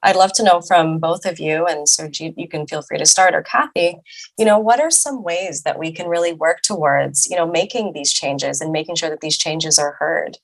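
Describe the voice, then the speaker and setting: A woman hosts the conversation, inviting her guests in with short, encouraging prompts. Her voice is very low for a woman and carries a gravelly vocal fry. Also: moderate pace, rough recording. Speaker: podcast host. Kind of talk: interview hosting.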